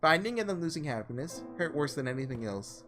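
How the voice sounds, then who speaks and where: A man voicing a sorrowful young woman who was once a saint, read slowly and heavily. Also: fairly high pitch, lively intonation, fairly bright tone, faint music behind. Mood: grieving. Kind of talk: reading visual novel lines aloud.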